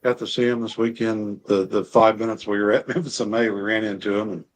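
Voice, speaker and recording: A man's voice: fairly low pitch, fairly even intonation, a little fast. A man from Alaska, a guest on a casual chat show, telling self-deprecating stories and laughing often.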